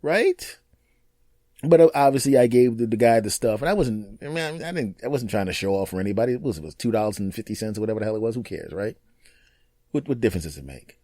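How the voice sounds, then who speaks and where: Man, podcast host, animated storyteller, dry close mic. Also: lowish voice, dry recording. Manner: animated, acts out other people's lines in quick put-on voices. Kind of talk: casual storytelling monologue.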